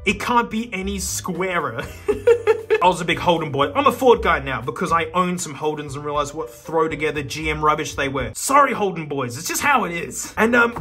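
A man with an Australian accent, chatting casually and laughing as he reacts to an old car magazine. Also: high voice. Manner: laughing, excitable, jokey asides. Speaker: YouTube host. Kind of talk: casual commentary while flipping through an old car magazine.

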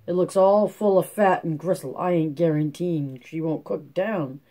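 A man's voice: a little high, normal speed, warm tone, close to an everyday voice. A man voicing a small, sly store clerk who giggles and talks in a glib drawl.

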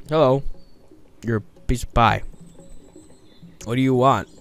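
Excitable man narrating a video game. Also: mid-range voice, a little slow, pauses often. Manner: excitable, chatty, frequent surprised exclamations and laughs. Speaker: gameplay commentator. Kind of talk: casual let's-play commentary.

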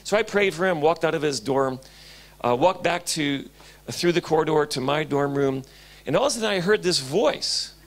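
A male pastor preaching a sermon in a church, telling stories animatedly and swinging between loud and hushed. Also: a little high, expressive, moderate pace.

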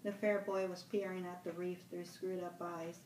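A woman reads a novel aloud at a steady, measured pace, in a middling voice. The room is roomy and she sits back from the mic, with faint ambience behind. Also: lowish voice, far from the mic, slight background noise. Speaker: library director.

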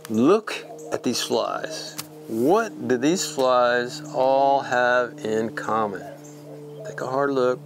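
A man's voice: mid-range voice, very slow, music in the background. A man giving a casual, folksy fly-fishing tutorial, emphatic and repeating words for stress. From Texas.

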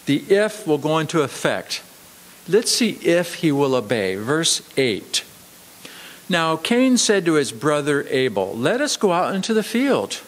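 A man pastor preaching a sermon emphatically, swinging between raised, quick delivery and slow, low emphasis. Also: fairly bright tone, in a large hall. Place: church sanctuary.

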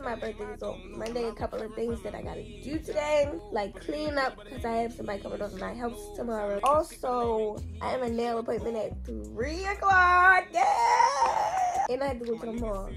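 A young woman telling a story in a casual vlog, animated and slangy, swearing freely. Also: fairly high pitch. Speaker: vlogger. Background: music.

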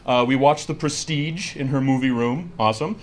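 A man's voice: medium pitch, moderate pace, slight background noise. A man doing a stand-up comedy set on stage, chatty and self-mocking, acting out quoted voices into a handheld mic. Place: comedy stage before a live audience.

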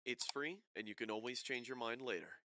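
A man's voice: medium pitch, brisk, pushed and bright. A man speaking directly to viewers in a friendly plug for the channel. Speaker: channel narrator. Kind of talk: subscribe request.

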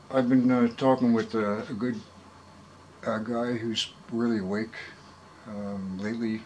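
A man vlogging to his viewers in a rambling, profane monologue, full of fillers and quick apologies. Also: fairly low pitch, a little hiss or hum, poor audio. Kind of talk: casual rambling monologue to camera. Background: background music.

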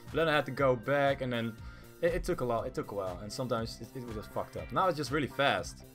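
A man giving casual, excitable commentary while betting on a game, swearing often and swinging from mumbles to yelling. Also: medium pitch, fast, faint music behind. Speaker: gaming YouTuber.

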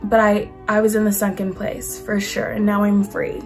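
A young woman in her twenties hosting her own podcast, talking casually to camera in a chatty, animated way with lots of fillers. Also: medium pitch, moderate pace, faint music behind. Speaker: podcast host. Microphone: camera mic.

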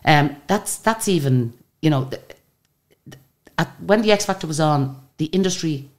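Her voice is deep and her pace moderate as this Irish-accented singer in her sixties chats through a casual storytelling interview. She's a lively storyteller who frequently starts her sentences over.

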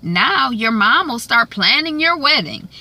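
A woman's voice: fairly high pitch, sing-song, unhurried, sharp tone, voice pushed up, heavily acted. A woman voicing an earnest, polite young man courting a woman, in a TV recap. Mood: hopeful.

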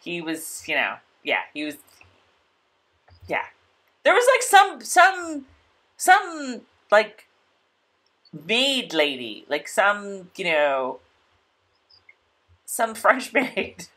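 Woman, co-host, casual recap, lively swooping pitch, chatty filler words. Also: extremely slow, pauses often. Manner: chatty, peppered with "like" and laughter. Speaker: podcast co-host.

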